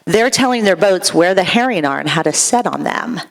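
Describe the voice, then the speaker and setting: Animated woman telling a story on stage. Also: on the low side, gravelly. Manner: animated, voice leaps up when excited; rambling with quick restarts. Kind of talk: live storytelling to an audience. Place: theatre stage. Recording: long theatre reverb.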